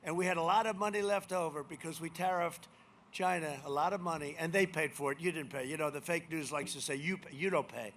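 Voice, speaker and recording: A man giving a campaign rally speech as president, boastful and rambling, repeating himself and swinging from shouts to muttered asides. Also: on the high side, brisk, slight background noise. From United States. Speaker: president speaking as a candidate. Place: rally venue.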